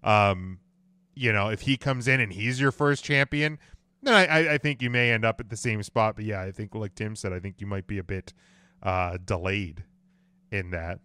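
A man's voice: fairly low pitch, moderate pace, pushed and bright, clean tone, dry recording. A man hosting a casual podcast chat, thinking aloud and passing the talk to his co-hosts. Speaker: podcast host.

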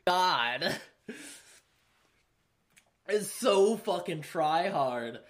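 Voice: mid-range voice, very slow. Laid-back, foul-mouthed podcast storyteller. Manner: profane, laughing, animated storyteller. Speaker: podcast host. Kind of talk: casual storytelling chat.

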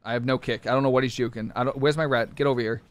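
A man streaming a competitive online game live, talking his teammates through the match in short clipped callouts and bursting into excited shouts. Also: medium pitch, very fast, dry recording. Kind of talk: live gameplay commentary.

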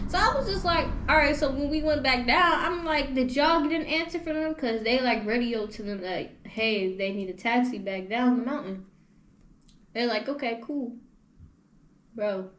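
Young woman podcast host, higher voice, casual slangy storyteller, roomy echo. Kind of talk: casual chat. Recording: echoey room with faint noise.

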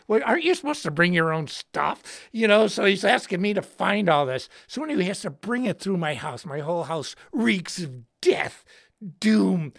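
A man with a bright, gravelly voice hosts a livestream and tells a story in an animated way. His pitch sits a little high and swings widely, and he throws in slang and shouted words for emphasis. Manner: slangy, says dude and bro. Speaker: host and guitarist.

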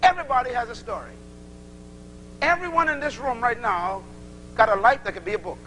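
Male preacher, animated sermon, acts out dialogues, high bright voice, faint hum. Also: a little fast, poor audio. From Bahamas.

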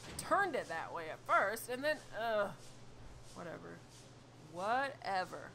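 A woman's voice: medium pitch, very animated, unhurried, vocal fry, bright, forceful tone, slight background noise. A woman streaming a horror video game, talking to herself in jumpy exclamations. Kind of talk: live horror game playthrough.

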